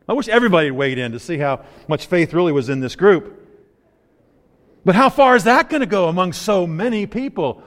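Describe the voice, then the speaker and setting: Male preacher, relaxed storyteller who voices the characters, lively and bit high, reverberant room. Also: brisk. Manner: conversational, playful storytelling with voiced asides. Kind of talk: sermon.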